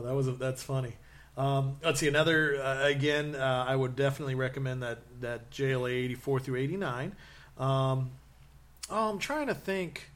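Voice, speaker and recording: A man in casual chat, telling long stories with many fillers and restarts and acting out quotes. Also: mid-range voice. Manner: rambling, animated storytelling with acted-out quotes.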